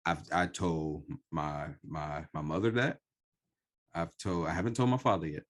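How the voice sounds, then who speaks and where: A man hosting a podcast, telling his own story slowly and earnestly in a reflective conversation. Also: low voice. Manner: slow, earnest, personal storytelling. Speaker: podcast host.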